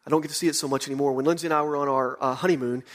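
A pastor in his forties with a drawl delivers a sermon woven around a personal story. His voice sits a little high for a man, and he brings the tale to life by lifting his pitch for the voices of the people in it. He moves between quick, excited stretches and slow, weighty Scripture. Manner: animated storyteller, voices quotes with rising pitch.

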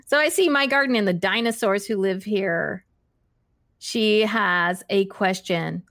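Reading out viewers' questions on a livestream, a woman answers in a warm, rambling, casual way, laughing and giggling often. She's chatty and self-deprecating, stumbling, restarting sentences, and using plenty of fillers. Her middle-pitched voice comes at a measured pace, recorded close and dry with no room sound or echo.

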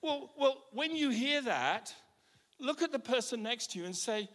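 A man's voice: extremely high pitch, animated, a little slow, fairly bright tone. A man preaching a sermon with passion, often repeating his words as he starts a line. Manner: impassioned, repeats words when starting lines. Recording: echoey hall.

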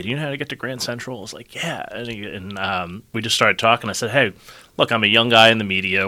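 A man's voice: on the low side, dry recording. A middle-aged man co-hosting a casual chat, telling stories with lots of "you know" and laughter. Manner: animated storyteller, many "you know"s, laughs. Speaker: podcast co-host.

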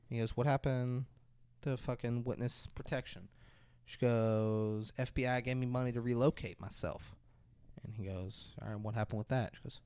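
A man's voice: mid-range voice, fairly even intonation, moderate pace, clean tone. A man co-hosting a podcast, casually recapping a movie and acting out the characters' lines with plenty of profanity. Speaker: podcast co-host.

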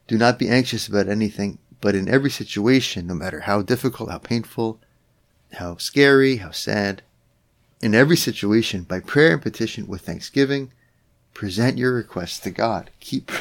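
A man's voice: fairly low pitch, moderate pace. A man preaching a sermon in an earnest way, often repeating phrases and turning to address the Lord directly. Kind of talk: spoken sermon.

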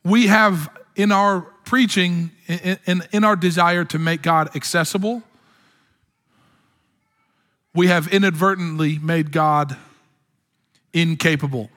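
A man's voice: high voice, steady tone, measured pace, a bit bright. A man preaching a sermon as pastor, with impassioned delivery that climbs to exclamations. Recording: long hall reverb.

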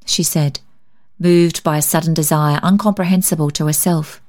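Female storybook narrator, measured, slightly low-pitched. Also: steady tone, darkish tone. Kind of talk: scripted narration.

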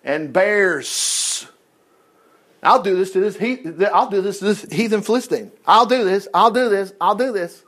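A man preaching a sermon, retelling a story with animated asides and frequent chuckles. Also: high-pitched, unhurried. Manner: animated storytelling, acts out quotes, chuckles often.

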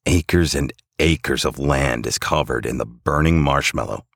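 Male storyteller, extremely deep and gravelly voice, deadpan delivery. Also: a little slow, no room sound, clean studio sound. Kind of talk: dramatic story narration.

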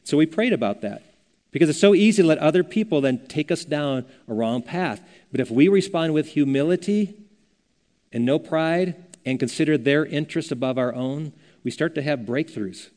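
A man's voice: fairly high pitch, expressive, moderate pace, darkish tone. An older man preaching a sermon as a pastor, earnest and conversational, telling stories as he teaches. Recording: long reverb of a church hall.

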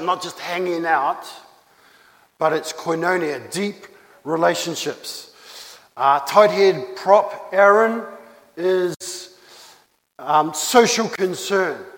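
A high-voiced man delivers a sermon at a slow, deliberate pace. He leans on repetition to drive home his key phrases. His voice carries a long reverb, as if filling a church hall. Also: fairly bright tone. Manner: earnest, repeats key phrases for emphasis. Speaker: pastor.

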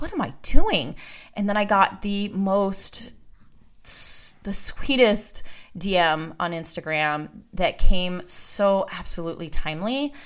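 A woman's voice: medium pitch, a bit bright. A woman hosting her own podcast, talking candidly and emphatically in a motivational monologue. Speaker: podcast host. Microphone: podcast microphone.

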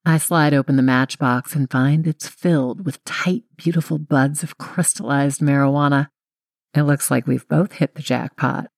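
A woman's voice: deep voice, steady tone, moderate pace, creaky, no echo. Young woman narrator, wry first-person audiobook read, dry close studio sound.

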